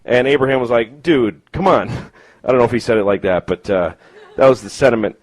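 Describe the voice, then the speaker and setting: A man's voice: medium pitch, a little fast, dry recording, rough recording. A man doing a stand-up set in a comedy club, rambling and profane, with self-mocking asides.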